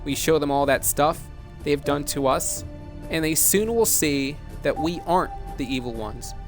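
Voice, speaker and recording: A man voicing a menacing, scornful adult male killer clown leader, speaking in a slow, defiant, contemptuous way. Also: a little high, over music, lightly acted.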